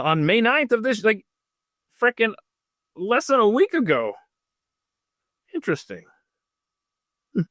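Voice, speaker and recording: A man's voice: on the high side, a bit bright, no room sound, studio quality. A man hosting a podcast, chatting casually, rambling and self-deprecating as he reads live comments. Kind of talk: casual rambling livestream chat.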